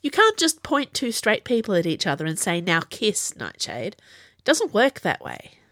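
A woman reading the part of a dry, unflappable young woman in a serialised story, with a lively lilt. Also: medium pitch, moderate pace, no echo. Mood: indignant. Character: calm, wry young woman.

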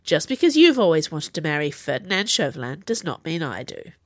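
A calm, wry young woman, as a woman storyteller reads her answers with dry, unbothered wit. Her pitch moves around a lot, and the recording is close and dead dry. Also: fairly quick, no echo. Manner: dry, unflappable.

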